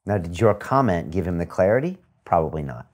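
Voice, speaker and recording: A man hosts a relaxed, conversational interview and tosses in quick questions and asides. His voice sits very low, and he talks fast. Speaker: interview host.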